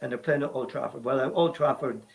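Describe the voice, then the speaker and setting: A man's voice: medium pitch, fast talker, vocal fry, poor audio. A man on a sports talk panel, telling old match anecdotes and quoting people in casual chat. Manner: anecdotal storyteller, quotes people.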